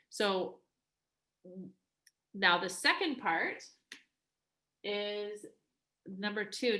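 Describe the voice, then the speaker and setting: A woman's voice: medium pitch, sharp tone. A woman life coach talking casually to a live coaching group. She is chatty, says "like" often and acts out quoted voices.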